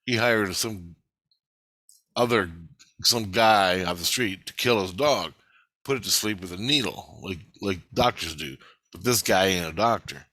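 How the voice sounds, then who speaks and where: A man rambles through a story in loose, profane everyday talk. His voice is bright and forceful, and the recording is dry, close and without room echo. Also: deep voice, a little slow. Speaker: vlogger recounting a dream.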